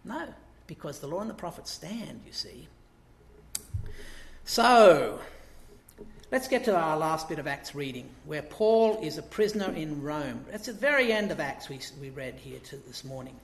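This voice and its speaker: A man's voice: a little high, expressive, moderate pace, echoey room. A man preaching a sermon in a conversational way, asking the congregation rhetorical questions and acting out quotes.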